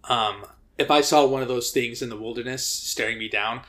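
A man's voice: medium pitch, moderate pace, a bit bright. A man co-hosting a podcast, telling a story in casual chat, rambling with fillers and restarts. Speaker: podcast co-host.

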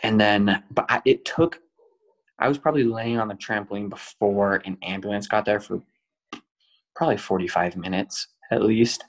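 A man's voice: fairly low pitch, steady tone, normal speed, rough recording. A young man telling a long personal story in earnest detail on a podcast, full of fillers. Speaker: guest.

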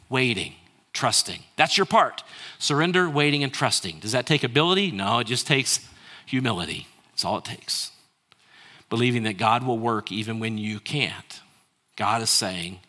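A male pastor preaching a sermon, asking rhetorical questions and getting the congregation to answer and repeat lines after him. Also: medium pitch. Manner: rhetorical questions, shifts between hushed and raised delivery.

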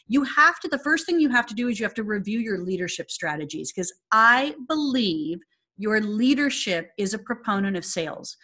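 A woman's voice: fairly high pitch, fairly bright tone. A woman coaching salon owners in a presentation, speaking in a direct, emphatic way and often checking in with "okay?".

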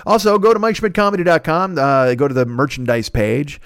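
A man in his forties hosting a podcast, rambling casually through plugs and shout-outs, profane and self-mocking. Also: fairly high pitch, fairly even intonation, fairly quick, clear, resonant tone, no echo, clean studio sound. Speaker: podcast host.

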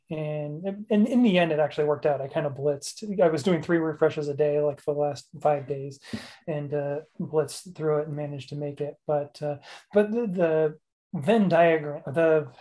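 A man's voice: fairly high pitch, warm tone. A man hosting a podcast, talking casually in a rambling, self-mocking way and laughing often. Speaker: podcast host. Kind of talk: casual chat.

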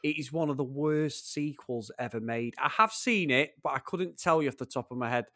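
A man's voice: medium pitch, fairly quick, fairly bright tone, no room sound, clean studio sound. A man co-hosting a casual movie podcast, joking and swearing with a laugh. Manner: jokey, swearing, laughs often. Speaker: podcast co-host. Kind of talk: casual chat.

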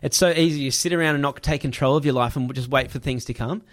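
A man telling a personal story in casual chat, animated, laughing and swearing freely. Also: mid-range voice, fast.

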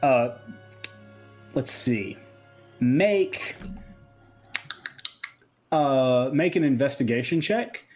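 A man's voice: medium pitch, animated, drawn-out words, long pauses, darkish tone, soft background music. A man narrating as game master of a tabletop game, in a casual, rambling way.

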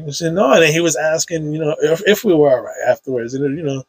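Gravelly man telling a loose story. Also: a little high, fast, hardly any pauses, no echo. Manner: loose, emotional storytelling with slang and fillers. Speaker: podcast guest. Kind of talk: casual conversation. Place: indoor recording room.

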